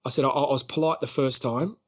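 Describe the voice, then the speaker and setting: A man's voice: medium pitch, a little fast. An Australian man on a podcast, telling a story casually and acting out what other people said. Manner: lively, acts out other people's lines, laughs often. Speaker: podcast guest.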